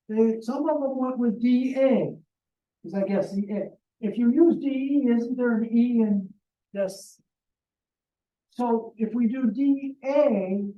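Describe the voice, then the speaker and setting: A man's voice: very high voice, roomy sound, distant mic, lo-fi sound. A man teaching a math lesson to a class, joking and talking to the students directly. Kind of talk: classroom lecture.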